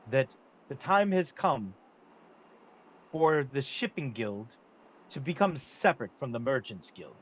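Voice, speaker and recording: A man voicing a calm, formal nobleman who speaks slowly and humbly before the crown. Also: mid-range voice. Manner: slow, measured, humble courtly speech.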